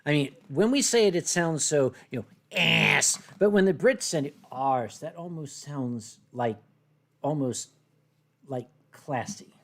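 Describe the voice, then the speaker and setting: A man's voice: a little high, lively intonation, a little slow. A man hosting a livestream, chatting playfully and rambling with lots of fillers while he draws viewer requests. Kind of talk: casual rambling chat while drawing.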